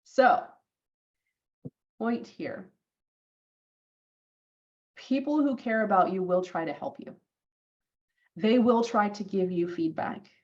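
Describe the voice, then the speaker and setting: Animated storytelling woman, dull lo-fi sound. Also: mid-range voice, slow, pauses often. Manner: animated, acts out quoted lines. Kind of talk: personal storytelling vlog.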